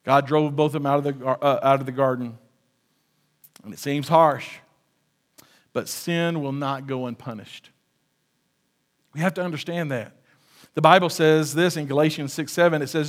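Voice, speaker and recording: A man preaching a sermon as pastor, animated, with shouted quotes and joking asides. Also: medium pitch, normal speed, pauses often.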